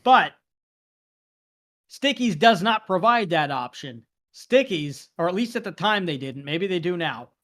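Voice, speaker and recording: Brief: man, podcast co-host, high pitch, animated chatty storyteller. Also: measured pace. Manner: animated storytelling, acts out quoted exchanges. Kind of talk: casual chat.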